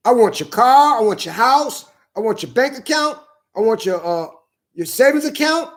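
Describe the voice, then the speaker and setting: A man in a furious, profane rant, repeating himself and shouting at times. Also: very high voice, expressive, a little fast. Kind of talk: angry profane rant to camera.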